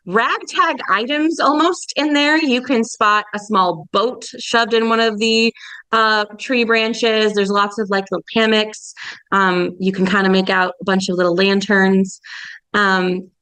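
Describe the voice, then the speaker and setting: A woman's voice: medium pitch, takes it slowly, fairly bright tone, smooth, no room sound, rough recording. A woman narrating a tabletop game as game master, chatty with many fillers.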